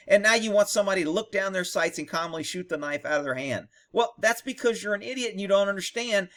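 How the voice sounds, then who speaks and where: Higher-pitched man, blunt, sarcastic and profane, giving video commentary. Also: pushed and bright.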